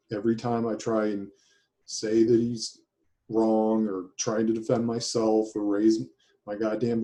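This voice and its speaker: A man in a tapping therapy session, venting his anger and fear in a profane, halting way with heavy sighs. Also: lowish voice, warm tone. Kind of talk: emotional therapy session talk.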